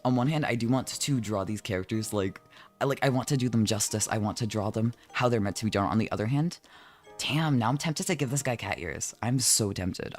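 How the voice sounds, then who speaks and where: A man streaming from home as a vtuber, chatting casually while he draws, animated and jokey, swearing often and teasing his chat. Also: fairly low pitch.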